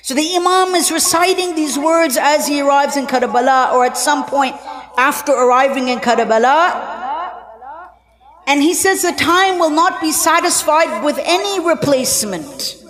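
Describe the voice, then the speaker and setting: A woman telling a mournful religious story as a sermon, with an emotional delivery that moves between raised and hushed tones. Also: high voice, normal speed, crowd noise. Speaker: religious speaker at a mourning gathering. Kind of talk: lamenting sermon narration.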